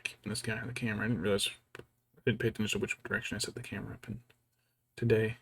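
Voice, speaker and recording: A man's voice: fairly low pitch, little pitch movement, very fast, creaky, a bit bright, breathy edge. A man casually thinking aloud as he paints a miniature, rambling and musing to himself. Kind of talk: casual hobby vlog chat.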